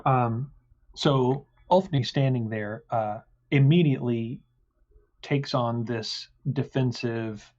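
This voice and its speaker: A man narrating a tabletop game as game master, pausing often with fillers. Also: mid-range voice, a little mellow. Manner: halting, many fillers. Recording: dull lo-fi sound.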